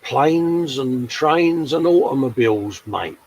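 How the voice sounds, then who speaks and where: A man's voice: medium pitch, lively intonation, slow, darkish tone, low-quality recording. A man hosting a casual live-stream chat, matey and full of tag questions. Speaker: host.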